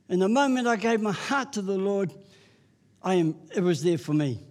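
An older man preaching an impassioned sermon, building to loud repeated refrains and then dropping to softer testimony. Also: high-pitched, expressive, moderate pace. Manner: impassioned, repetitive refrains, rising to loud peaks.

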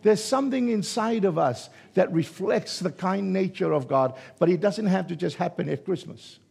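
A man preaching a sermon, swinging between hushed, drawn-out lines and sudden loud shouts. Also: high-pitched, vocal fry, slightly rough.

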